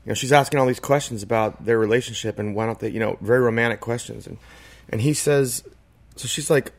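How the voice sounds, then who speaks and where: A man's voice: mid-range voice, fairly quick. A man in casual podcast chat, talking in a reflective, rambling way with many "like" and "you know" fillers. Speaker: podcast co-host.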